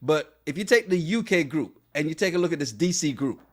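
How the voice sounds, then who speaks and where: Male co-host in his thirties, a bit high-pitched with a lively, swinging delivery, teasing and playful. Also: brisk. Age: 30s. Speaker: podcast co-host. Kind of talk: casual chat, reading viewer comments.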